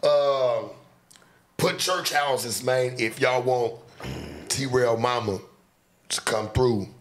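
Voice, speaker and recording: Male livestreamer, mid-range voice, relaxed and boastful, heavy on slang. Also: mid-range voice, extremely slow. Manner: boastful, laid-back, slangy. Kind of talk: casual livestream talk.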